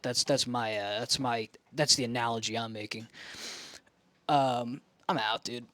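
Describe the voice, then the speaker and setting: A young man rambling to camera in his home office, self-mocking, jumping between loud lines and mumbled asides. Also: medium pitch, fairly even intonation, unhurried, no room sound. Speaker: vlogger. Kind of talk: rambling casual vlog talk to camera. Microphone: camera he holds and turns.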